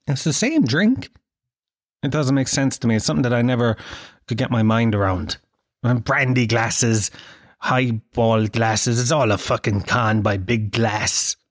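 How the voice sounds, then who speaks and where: Sweary Irish man, slightly high voice. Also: dry recording, studio quality. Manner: rambling, sweary, self-mocking. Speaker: podcast host. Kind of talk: casual comic monologue.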